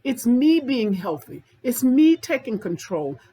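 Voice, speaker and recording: A woman's voice: on the high side, very animated, measured pace, mellow, slightly rough, rough recording. A woman anger management therapist giving an informal self-help talk, speaking directly to viewers and repeating points for emphasis.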